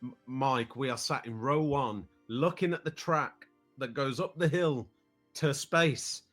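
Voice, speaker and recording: Soft background music accompanies a mid-range, slightly bright male voice speaking a bit slowly. He's a British podcast guest in his thirties, rambling casually through a story about a family trip and often restarting sentences with repeated words.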